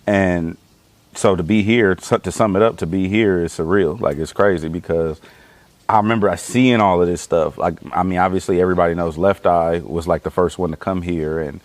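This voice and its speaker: A young man talks in a loose, slangy way and swears freely as he tells stories. His voice sits a little low. The sound is close and dry, with almost no room in it. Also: steady tone, a little fast, no room sound. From east side of Los Angeles. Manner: laid-back slangy storytelling, swearing freely. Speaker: guest. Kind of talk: casual chat.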